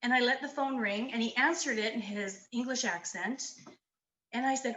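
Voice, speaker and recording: A woman's voice: a little high, moderate pace, fairly bright tone, poor audio. A woman from Canada giving a casual cooking demonstration in a community kitchen, chatty and enthusiastic as she tells stories.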